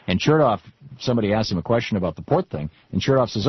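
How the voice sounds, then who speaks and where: A man hosting a political talk radio show, animated and stammering with frequent restarts. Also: on the low side, fast, breathy edge, no room sound. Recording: dull radio broadcast sound.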